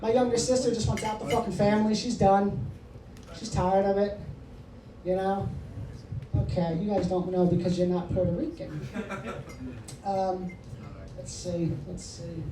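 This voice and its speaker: A man's voice: high-pitched, fairly even intonation, a little slow, pauses often. Brash, foul-mouthed male stand-up comic. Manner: brash, profane, teasing the audience. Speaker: stand-up comedian. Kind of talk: stand-up comedy with crowd work. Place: comedy club with a live audience. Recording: echoey room, distant mic, noisy.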